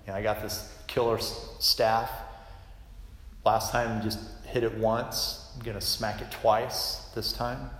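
A man's voice: lowish voice, level tone, slow, a bit bright, slight background noise. A man voicing Moses as a cocky leader who talks down to everyone, in an echoey hall. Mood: mocking. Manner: swaggering, talking down.

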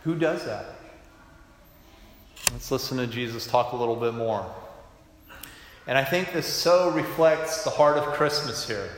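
A man preaching a sermon with emphatic delivery that swings from loud to hushed. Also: mid-range voice, expressive, measured pace, long pauses. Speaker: pastor. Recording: echoey hall, faint room noise.

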